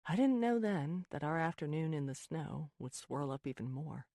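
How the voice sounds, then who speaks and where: Audiobook narrator, first-person storytelling, gravelly, husky, dry close sound. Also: medium pitch, animated, normal speed, warm tone, no room sound. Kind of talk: scripted narration.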